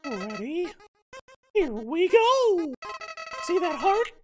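A man voicing a creepy flower, high-pitched, lively, slow, game music playing. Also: exaggerated voice. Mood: sugary. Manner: sweet then snarling, laughing shout. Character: creepy flower turning menacing.

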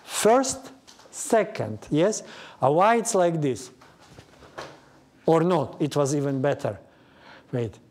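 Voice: mid-range voice, expressive, takes it slowly, long pauses, a little mellow. A ballet teacher, a native Russian speaker with a Russian accent, counting beats and correcting students by name during a class in a studio. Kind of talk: live ballet class instruction. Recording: class music playing behind. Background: piano accompaniment.

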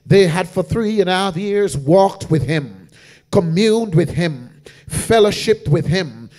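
A male evangelist preaching a revival sermon in a church, calling out to the congregation again and again and building from hushed passages to shouted, half-sung peaks. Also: high-pitched. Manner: rhythmic preaching with repeated call-outs to the congregation; swings from hushed storytelling to shouted, sung-out climaxes.

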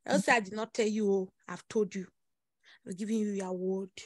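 A woman's voice: medium pitch, steady tone, moderate pace, dry recording, clean studio sound. A woman delivering prophecies in an emphatic, repetitive preaching style with dramatic exclamations. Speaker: prophetess leading prayer. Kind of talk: prophetic sermon over prayer call.

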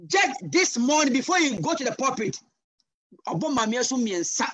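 A man with a Ghanaian accent preaching a sermon over a video call, passionate and switching between English and Twi with sudden loud cries. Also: very high voice, sing-song, moderate pace, husky, dry recording. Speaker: guest pastor.

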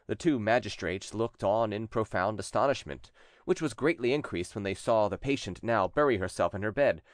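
A man narrating a classic text as an audiobook, telling the story in a lively, expressive way. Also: lowish voice, no room sound, studio quality.

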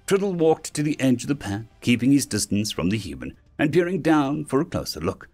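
A male narrator reads a science-fiction story aloud with a lively, expressive rise and fall. His pitch sits in a middle range for a man. Faint background music plays under the reading. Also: a little fast. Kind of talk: scripted sci-fi story narration.

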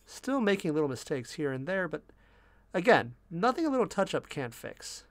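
A man talking casually to viewers as he paints miniatures, relaxed and self-deprecating, muttering to himself about small mistakes. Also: a little high, normal speed, dry recording. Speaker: miniature painting channel host.

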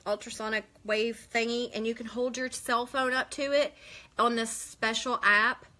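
A woman's voice: a little high, fairly even intonation, moderate pace, sharp tone. A woman, chatting casually on a live stream, rambling and answering viewers' comments. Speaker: beauty vlogger hosting a live stream.

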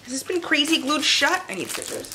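A woman's voice: high-pitched, big pitch swings, a little fast, noisy background. A young woman vlogging at home about books, chatty and casually swearing, cooing at her pets. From Canada. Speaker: book vlogger. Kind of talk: casual vlog chat. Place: at home indoors. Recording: roomy echo.

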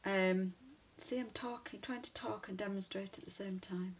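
A woman's voice: medium pitch, steady tone, normal speed. A woman chatting casually while demonstrating card making, thinking aloud as she works. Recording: dull lo-fi sound with faint hiss.

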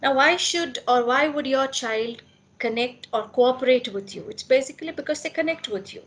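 A woman's voice: sits high, moderate pace, fairly bright tone. A woman giving a talk on parenting to parents at a school meeting, earnest and asking questions to answer them herself.

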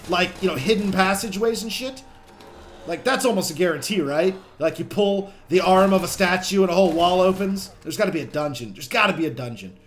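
A young man casually commenting on his own gameplay as a channel host, chatty and excitable, swearing when things get tense. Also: high-pitched, a little fast, slight background noise.

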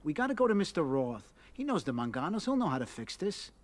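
An anxious, high-voiced mob brother. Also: male voice, very animated, fast. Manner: urgent, pleading. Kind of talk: video game cutscene dialogue.

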